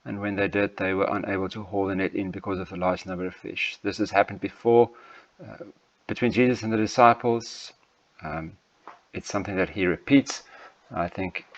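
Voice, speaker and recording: A lower-pitched man working through a Bible passage as a sermon, thinking aloud with frequent ums and false starts. The recording sounds dull and lo-fi. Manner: hesitant, many ums and restarts. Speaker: preacher. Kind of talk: sermon text study with slides.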